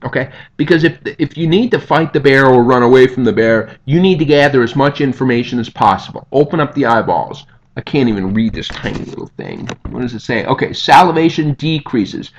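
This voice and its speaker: A man giving a recorded lecture over slides in a conversational way, often checking in with "okay?" and "right?". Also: medium pitch. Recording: dull lo-fi audio.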